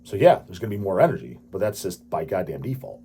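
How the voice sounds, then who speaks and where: Male host, late 30s, husky voice, crude profane ranting delivery. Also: sits low, sing-song, quick pace, warm tone. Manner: crude, swearing, dismissive ranting. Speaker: channel host answering viewer questions. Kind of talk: profane ranting casual talk.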